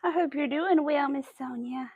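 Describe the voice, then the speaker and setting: A woman hosting a casual crochet livestream, chatting to her viewers as she works and cooing at her cat in a high baby voice. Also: normal speed, no echo, phone-quality sound. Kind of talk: casual chat while crocheting.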